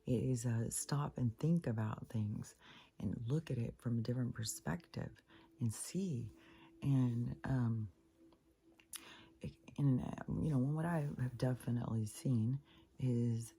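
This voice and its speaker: A woman's voice: a bass voice, gravelly, warm tone, slightly rough. An older woman venting in a rambling personal monologue for her spiritual vlog, swearing freely as she talks. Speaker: spiritual vlogger.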